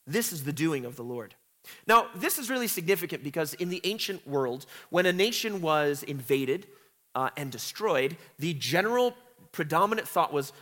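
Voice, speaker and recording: A man with a high voice reads verses of scripture and unpacks them like a teacher. He talks earnestly and now and then bursts into emphatic retellings of the lines. His voice trails off into a long reverb, as if spoken in a large hall. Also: expressive, moderate pace, pushed and bright. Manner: earnest, breaks into emphatic paraphrased cries. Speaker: Bible teacher. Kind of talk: scripture reading and commentary.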